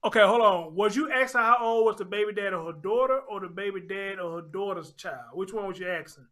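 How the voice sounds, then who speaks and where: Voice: medium pitch, fairly quick, fairly bright tone. A host of a live-stream call-in show, talking casually, joking and reading viewers' questions.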